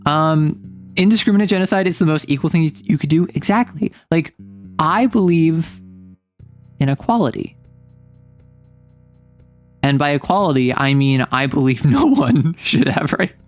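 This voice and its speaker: A woman's voice: sits low, lively intonation, normal speed, long pauses, faint music behind. Playful young woman streamer, mock-outraged. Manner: playful, mock-indignant joking with chat. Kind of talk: casual game stream chat.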